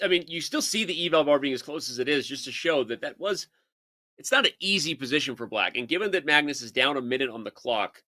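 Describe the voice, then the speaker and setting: Very bright-voiced cheering male chess caster. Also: mid-range voice, dry recording, clean studio sound. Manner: enthusiastic, cheering, playful. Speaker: chess commentator. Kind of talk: live chess commentary.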